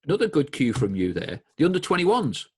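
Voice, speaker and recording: A man's voice: a little high, wildly swooping pitch, brisk, a little mellow, slightly rough. A man hosting a podcast, asking questions in a hesitant way and listing names with plenty of fillers. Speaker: podcast host. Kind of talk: conversational interview questions.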